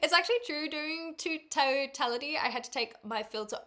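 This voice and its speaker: Bright chatty New Zealand woman. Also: high-pitched, a little fast. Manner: chatty and meandering, dry sarcasm. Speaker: streamer. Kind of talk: casual livestream chat, reading chat aloud.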